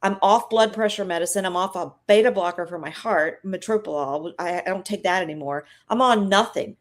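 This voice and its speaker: A woman's voice: fairly low pitch, a little fast. Earnest woman sharing a testimony. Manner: earnest, emotional testimony, chatty. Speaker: guest. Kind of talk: live-stream conversation.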